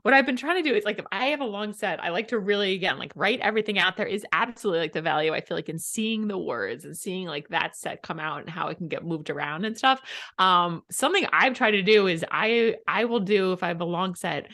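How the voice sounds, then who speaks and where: Bright, laughing female comedian. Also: mid-range voice, fast. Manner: lively, laughs often, acts out her inner voice. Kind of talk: casual chat about comedy writing.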